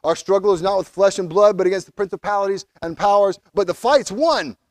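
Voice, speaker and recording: A pastor preaching a sermon, animated, acting out quoted figures as he goes. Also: sits high, brisk, no room sound.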